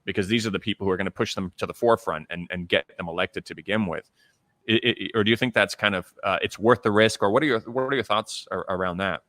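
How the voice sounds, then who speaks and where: A man's voice: fairly low pitch, quick pace, a bit bright, dry recording. A man raised in Canada hosting a conversational interview, thoughtful and full of fillers and restarts. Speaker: interviewer, channel host.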